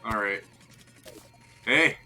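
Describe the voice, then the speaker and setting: A man chatting casually while streaming a video game, jokey and excitable, laughing often. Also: fairly low pitch, extremely slow, music in the background. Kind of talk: casual gameplay chat.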